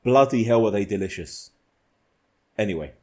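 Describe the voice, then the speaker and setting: A man's voice: on the low side, expressive, normal speed, darkish tone. A man hosting a casual podcast, telling rambling stories and laughing often. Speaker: podcast host.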